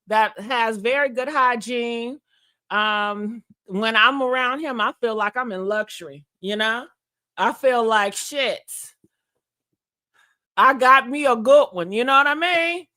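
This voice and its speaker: A woman hosting a casual chat show tells her dating stories with blunt, sassy humor. Her voice sits high and rings bright, and she keeps calling the listeners girl and honey. She swears freely and breaks into laughter. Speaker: podcast host.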